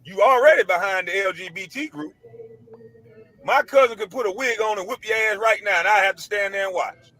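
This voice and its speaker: An online commentator with a high, sharp voice delivers a blunt, preachy rant straight to camera at a brisk clip. He uses casual slang and repeats his points emphatically over and over. The rough recording sounds like it came from a computer mic.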